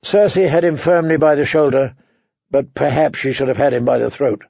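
A man narrating an audiobook in a steady, even storytelling voice, on a dull, dry recording. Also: medium pitch, a little fast, creaky, husky, dry recording. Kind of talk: scripted narration.

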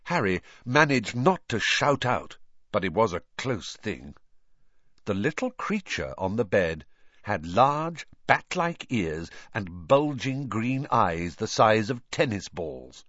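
A man's voice: on the low side, very animated, takes it slowly, fairly bright tone, no room sound. A man narrating a fantasy novel aloud as an audiobook reader. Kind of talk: scripted narration. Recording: dull lo-fi dry recording.

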